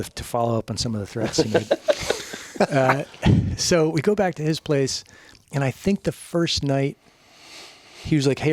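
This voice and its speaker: A man in his forties telling a wild story as a podcast guest. His speech is loose and full of swearing, and laughter breaks in often. He slips into the voices of the people he quotes, and his pitch sits mid-range. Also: a little mellow. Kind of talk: casual storytelling.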